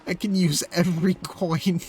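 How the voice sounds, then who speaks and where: Wry low-key male streamer. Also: fairly even intonation, unhurried, darkish tone, faint music behind. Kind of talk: casual gaming commentary.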